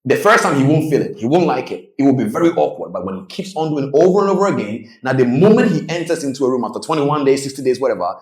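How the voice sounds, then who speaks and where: A man coaching traders in a motivational presentation, telling stories with lively delivery and acting out the people in them. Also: medium pitch, quick pace, few pauses, roomy sound, rough recording. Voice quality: animated storytelling, acts out quoted voices. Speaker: trading coach.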